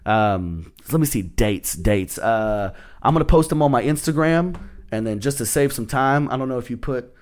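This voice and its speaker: This Texan comedian guests on a casual podcast, retelling stories with profanity, laughter, and lots of animation. He has a mid-range voice and talks at normal speed.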